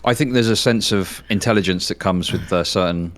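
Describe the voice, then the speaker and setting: An Englishman with an English accent and a slightly low voice argues his point in a brash, sweary way. He sounds like a streamer guest in casual debate, with faint keyboard typing heard behind him. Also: a little fast. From England.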